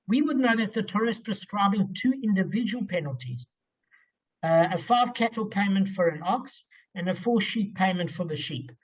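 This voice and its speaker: A man's voice: high-pitched, dull audio. A man teaching a Talmud passage, working through the reasoning step by step and often checking in with "okay?". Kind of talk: explaining a Talmud text aloud.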